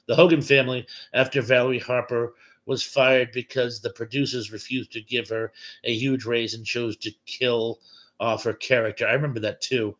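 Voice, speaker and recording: A man's voice: mid-range voice, fairly bright tone. A man hosting a late-night livestream chat, reading viewer comments aloud and chuckling at them between replies.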